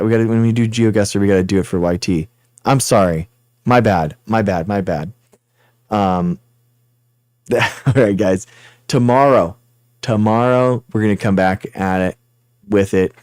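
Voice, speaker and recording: A man's voice: lowish voice, normal speed, darkish tone, clean tone, no room sound, studio quality. A man hosting a livestream, casually rambling through thanks and apologies as he signs off. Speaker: host.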